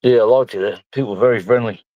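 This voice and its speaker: A man's voice: medium pitch, quick pace, no room sound, narrow, tinny audio. A man from London rambles through casual stories in a group chat, cursing now and then. His voice sits in a middling range. The recording is close and dry, with no room sound. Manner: rambling, profane storytelling.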